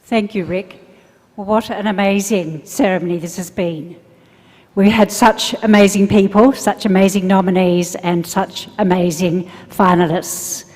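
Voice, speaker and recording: An older woman with an Australian accent giving formal closing remarks as a governor, measured and praising. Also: mid-range voice, steady tone, darkish tone. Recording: long echo of a hall.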